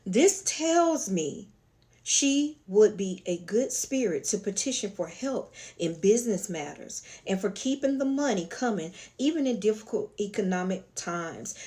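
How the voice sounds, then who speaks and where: Her mid-range voice has a darkish tone and a Southern accent. On her spiritual channel she delivers a casual storytelling lecture, sassy and colloquial, addressing viewers as honey and y'all.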